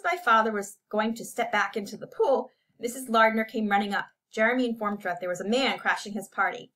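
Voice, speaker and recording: A woman reading a short story aloud in measured scripted narration. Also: medium pitch, fairly even intonation, a bit bright. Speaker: audiobook reader.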